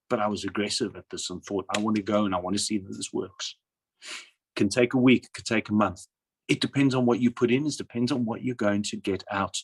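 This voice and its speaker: A man's voice: medium pitch, slightly rough. A man with a South African accent giving a persuasive slide presentation, asking and answering his own questions. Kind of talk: sales presentation over slides.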